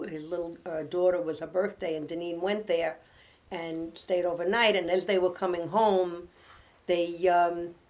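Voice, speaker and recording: An older woman co-hosting a Christian talk show, sharing a family faith story and reading a devotional with earnest emphasis. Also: fairly low pitch. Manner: soft, earnest, rising to fervent emphasis. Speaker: pastor's wife and co-host. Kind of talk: testimony, then reading a devotional.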